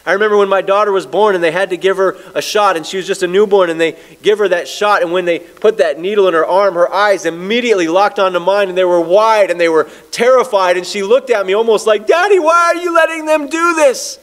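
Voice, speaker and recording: A man pastor preaching a sermon, telling stories and slowing down to read scripture. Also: high-pitched, steady tone. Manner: storytelling preacher, slows down on scripture.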